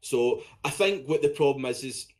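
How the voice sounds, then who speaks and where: A man's voice: mid-range voice, animated, normal speed, darkish tone. A man co-hosting a podcast in casual, blunt, sweary chat. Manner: blunt, sweary, talks in short bursts. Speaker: podcast co-host.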